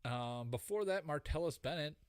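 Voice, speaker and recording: A man co-hosting a casual podcast chat, halting and reading out lists of names. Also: fairly high pitch, expressive, smooth, no room sound, studio quality. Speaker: podcast co-host.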